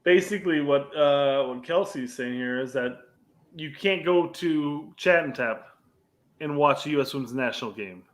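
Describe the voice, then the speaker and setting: A man's voice: on the high side, moderate pace. A man co-hosting a casual sports podcast, easygoing, reading viewer comments and laughing along. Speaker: podcast co-host.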